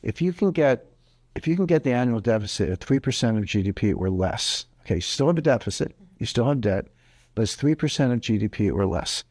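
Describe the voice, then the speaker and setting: An economic commentator answers interview questions emphatically and explains as he goes, hammering home his key points. His voice is medium-pitched, darkish and lively, a little fast, captured in a dry studio-quality recording.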